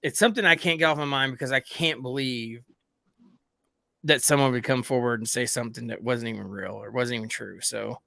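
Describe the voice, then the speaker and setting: A man's voice: mid-range voice, fairly quick, creaky, bright, forceful tone, dry recording, studio quality. A man hosting a casual livestream hangout, rambling and often calling his viewers "guys". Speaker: livestream host. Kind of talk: casual group chat.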